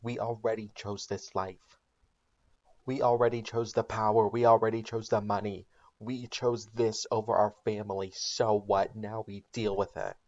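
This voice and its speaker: A man's voice: lowish voice, little pitch movement, unhurried, long pauses, lo-fi sound. A man doing a grim stubborn crime-boss father. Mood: defiant. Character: grim middle-aged male meth-cook patriarch.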